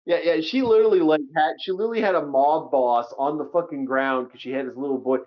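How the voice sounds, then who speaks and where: A man co-hosting a casual movie review chat, animated and swearing a lot as he repeats himself. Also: on the high side, quick pace. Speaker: co-host of a movie review show. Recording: dull lo-fi sound.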